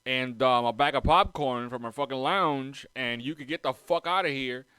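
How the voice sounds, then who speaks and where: A man mimicking a dismissive male car salesman, talking down slowly and condescendingly. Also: medium pitch, pushed and bright, smooth, no room sound, natural voice.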